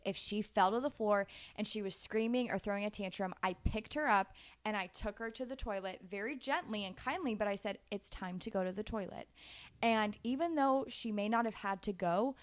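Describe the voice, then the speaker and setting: A woman in her twenties giving casual, animated parenting advice in a chatty way, laughing easily. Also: medium pitch. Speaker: parenting vlogger.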